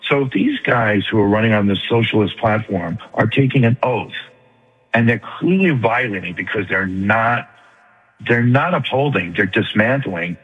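Caller: older man, New York accent, husky, tinny phone line, reverb. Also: on the low side, animated. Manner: fast, earnest, piling up points. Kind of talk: call-in radio talk.

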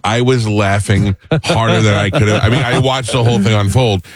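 A man's voice: on the low side, fairly even intonation, fairly quick, a little hiss or hum. A middle-aged man hosting a radio show, telling rambling comic stories in casual banter.

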